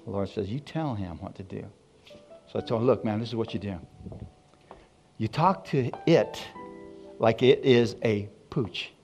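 A man preaching a sermon as a pastor, telling stories and acting out quotes, then rising to loud exclamations. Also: on the low side, a little slow, pauses often, faint music behind. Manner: storytelling, acts out quotes, rises to loud exclamations.

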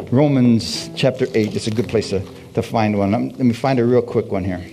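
Male pastor, middle-pitched voice, animated sermon delivery with audience call-and-response, light music bed. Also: brisk. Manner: animated preaching with call-and-response, repeated "Hallelujah". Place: church service. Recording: faint music behind.

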